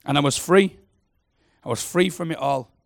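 A man preaching, passionate and personal, swinging from loud declarations to soft, intimate prayer. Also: fairly high pitch, moderate pace, gravelly, no room sound, clean studio sound. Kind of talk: sermon.

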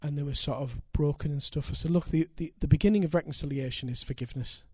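An older man preaching, his voice sitting a little high for a man and recorded close and dry. He tells stories with animation, climbing to loud, emphatic peaks. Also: quick pace, slightly rough, dry recording. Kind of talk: sermon with storytelling.

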